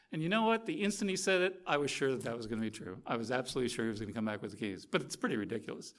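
Male preacher, middle-aged, animated storytelling, sermon delivery, mid-pitched voice. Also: fast. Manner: lively, animated storytelling with acted-out quotes.

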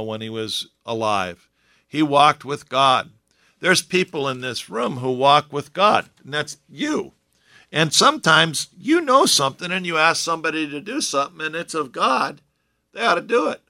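Bright, animated male preacher. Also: fairly high pitch. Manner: conversational, joking asides. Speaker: pastor. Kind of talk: sermon.

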